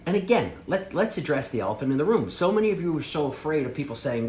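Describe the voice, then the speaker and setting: A man's voice: a little high, big pitch swings, fast talker, hardly any pauses, darkish tone, slight background noise. A man giving a brash, slangy sales training talk to a group. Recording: echoey room with faint ambience.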